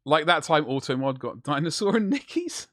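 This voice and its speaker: A man chatting away on a live stream as he paints, with a lively, swooping delivery. He rambles and jokes through loose, casual banter. His voice sits close and dry, with no room sound. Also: mid-range voice, no room sound. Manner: rambling, jokey banter with chat. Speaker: livestreamer.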